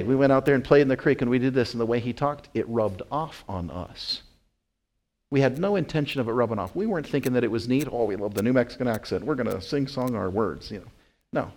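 A man's voice: mid-range voice, darkish tone. A middle-aged man from Wyoming preaching a sermon, earnest, with fillers and emphatic rising peaks. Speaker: pastor.

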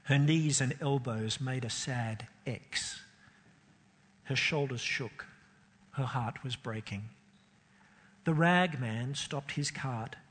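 A man telling a story in a dramatic, expressive reading, slowing down with emotional pauses. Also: mid-range voice, breathy edge. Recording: long hall reverb.

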